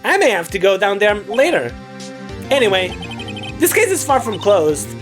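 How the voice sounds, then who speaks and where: A woman reading an earnest young male defense attorney in a video game, lowering her voice. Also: very animated, moderate pace, natural voice. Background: game music.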